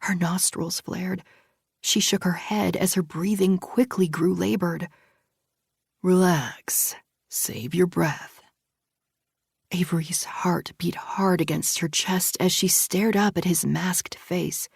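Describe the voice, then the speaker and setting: Woman audiobook narrator, husky, slow, lowish voice, dry studio sound. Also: fairly even intonation, dry recording. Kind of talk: scripted narration.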